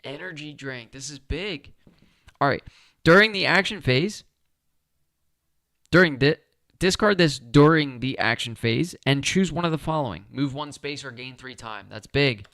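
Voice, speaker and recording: A man's voice: fairly high pitch, animated, a little slow, a bit bright, no echo, clean studio sound. A man talking himself through a solo board game playthrough, chatty and upbeat as he explains each move.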